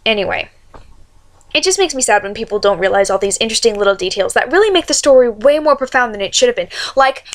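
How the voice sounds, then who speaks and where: A woman vlogging a casual fan rant, rambling and excitable and often correcting herself mid-sentence. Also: fairly high pitch, fast talker. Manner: rambling, excitable, self-interrupting.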